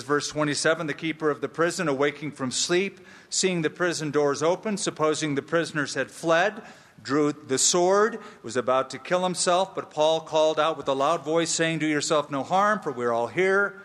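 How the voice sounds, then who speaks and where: A man's voice: fairly high pitch, moderate pace, fairly bright tone. A man pastor preaching a sermon, emphatic and humorous, repeating key phrases for weight. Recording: long reverb of a large hall.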